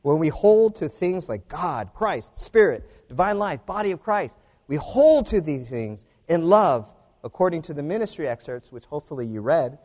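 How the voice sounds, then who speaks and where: Male preacher, animated sermon, slightly high voice, lively, long hall reverb. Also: moderate pace. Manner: animated, rising to emphatic peaks, with rhetorical "right?".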